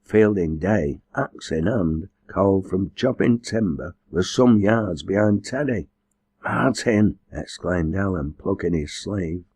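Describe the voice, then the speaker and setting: A man reading a novel aloud as an audiobook narrator, in measured, even storytelling. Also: low-pitched, breathy edge, dry recording. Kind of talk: scripted narration.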